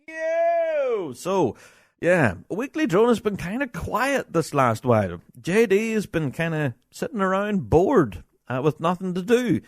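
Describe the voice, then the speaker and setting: A man's voice: high voice, moderate pace, few pauses, no echo. Chatty middle-aged man, dry close sound. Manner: chatty, animated, laughs often, many fillers. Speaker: podcast host. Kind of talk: casual chat, reading listener emails.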